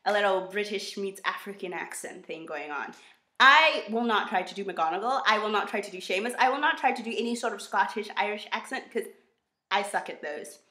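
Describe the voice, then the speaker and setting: A woman with an American accent chatting in a bubbly, expressive way on her book vlog. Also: medium pitch, fairly quick. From United States. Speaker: book vlogger. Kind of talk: casual vlog chat. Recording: roomy echo.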